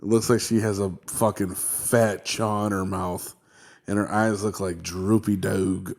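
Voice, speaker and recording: A man's voice: fairly low pitch, level tone, unhurried, creaky, a little mellow. A young man co-hosting a podcast in casual, profane banter, laid-back and peppered with "dude.". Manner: laid-back, swears a lot, says "dude". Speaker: podcast co-host. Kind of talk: casual chat.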